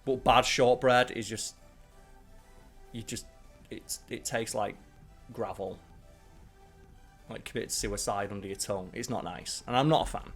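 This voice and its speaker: A man's voice: on the low side, unhurried, long pauses, soft background music. A man hosting his channel, chatting casually and rambling through strong opinions with plenty of swearing. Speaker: channel host ranking biscuits. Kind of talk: casual live-stream chat.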